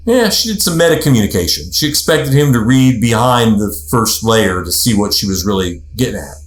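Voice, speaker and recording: A man's voice: on the low side, expressive, a little fast, hardly any pauses. Man counselor talking in a roomy echo. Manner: conversational, storytelling, acts out quotes. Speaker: host, relationship counselor. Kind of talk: casual podcast talk.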